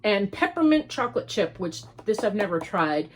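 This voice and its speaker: A woman's voice: mid-range voice, sing-song, moderate pace, slight background noise. An older American woman, rambling chattily as she hosts a crafting podcast. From United States. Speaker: podcast host. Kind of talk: casual chat.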